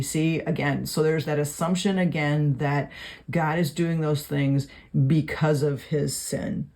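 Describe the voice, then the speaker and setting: In a laid-back video lesson, a teacher reads scripture aloud and discusses it conversationally, peppering his talk with fillers while taking notes. His voice has a medium pitch and steady tone, a bit slow and a bit mellow.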